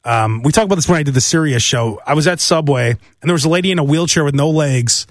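A man's voice: fairly high pitch, fast talker, no room sound, clean studio sound. A man hosting a solo comedic monologue, rambling through stories and mimicking voices. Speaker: podcast host.

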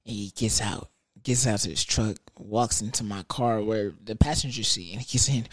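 A young man telling a casual story in an animated, profane, rambling way. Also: fairly low pitch, moderate pace, dry recording, clean studio sound.

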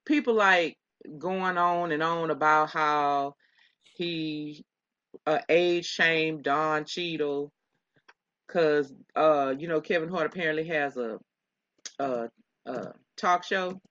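A woman's voice: sits low, takes it slowly, fairly bright tone, no room sound, muffled recording. A woman co-hosting a casual gossip chat, rambling and laughing often with many restarts. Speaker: podcast co-host.

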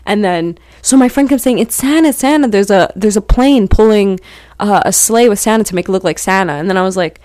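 A young woman tells a personal story on her podcast, circling back with "like" at every turn and getting louder when she acts out what she said. Her voice sits at a middle pitch, recorded dry and close with no room sound. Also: fairly quick, no room sound. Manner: rambling, heavy use of "like", animated when quoting herself. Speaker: podcast host. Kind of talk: casual storytelling.

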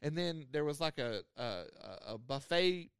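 A man's voice: on the high side, animated, a little slow, smooth, no room sound, studio quality. A man, telling a rambling story on a podcast with lots of laughter. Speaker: podcast host. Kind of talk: casual storytelling.

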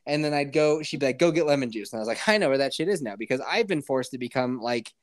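A man's voice: medium pitch, lively intonation, fast. Laughing, crude young man chatting. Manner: crude joking, laughs often. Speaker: podcast host. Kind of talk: casual podcast banter.

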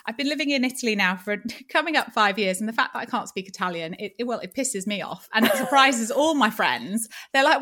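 A woman hosting an interview show, chatting with animated enthusiasm. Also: fairly high pitch, fast, few pauses. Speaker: podcast host. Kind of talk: casual interview chat.

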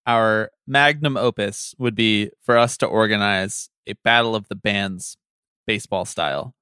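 A man's voice: fairly low pitch, unhurried, pushed and bright, smooth, dry recording, studio quality. A man co-hosting a casual sports podcast, talking loosely and swearing freely. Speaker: podcast co-host.

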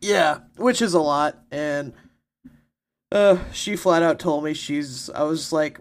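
Male co-host, slightly high voice, jokey and casual. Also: measured pace. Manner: joking, laughs often. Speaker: podcast co-host. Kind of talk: casual chat.

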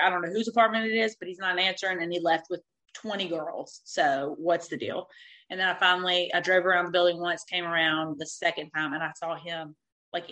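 A woman in her thirties tells a personal story with candid, animated energy, acting out what people said and swearing freely. Her voice is bright and forward. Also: fairly low pitch, low-quality recording. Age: 30s.

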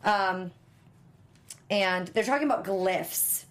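A woman's voice: medium pitch, slow. A woman co-hosting a fan after-show, recapping an episode in casual chat, rambling with lots of ums and uhs. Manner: rambling, filler-heavy storytelling.

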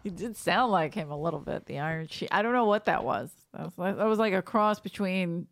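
A woman's voice: lowish voice, a little fast. A woman co-hosting a comedy podcast, chatting casually and laughing often. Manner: lively, laughs often, tells stories. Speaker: podcast co-host.

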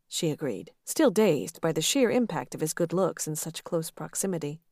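Lady reading a romance book out loud, steady n expressive, low-ish, super dry sound. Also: moderate pace, few pauses, no room sound. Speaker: audiobook narrator. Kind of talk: scripted narration of a romance novel.

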